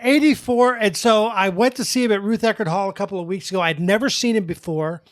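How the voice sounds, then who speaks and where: A man in his sixties telling a story in casual podcast chat, animated and quick with his asides. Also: high-pitched, no echo. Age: 60s. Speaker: guest, former radio co-host and columnist.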